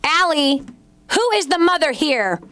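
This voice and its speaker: A woman's voice: high voice, sing-song, measured pace, a bit bright, no room sound. A middle-aged woman hosting an advice show, blunt and teasing as she coaches a caller. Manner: blunt, teasing, storytelling with acted quotes. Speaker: show host giving advice.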